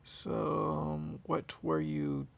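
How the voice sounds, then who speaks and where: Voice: medium pitch, completely flat delivery, very slow, creaky, dull audio, heavily acted. A storyteller voicing a worn-out, suspicious young man in a casual fan story retelling, speaking in a puzzled, questioning way.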